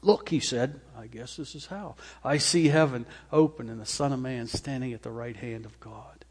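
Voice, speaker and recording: A man preaching a sermon, mid-pitched, in a space with long reverb. He reads scripture and explains it. His voice climbs into forceful, emphatic stretches, then sinks to a quiet, low murmur. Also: normal speed, husky. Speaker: pastor. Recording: hall reverb.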